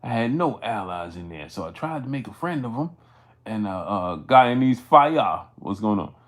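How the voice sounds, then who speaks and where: Hosting a sports livestream, a man with a lowish, fairly bright voice tells a story very animatedly at a moderate pace. He rambles, using many fillers and restarts, and greets chat viewers by name as he goes.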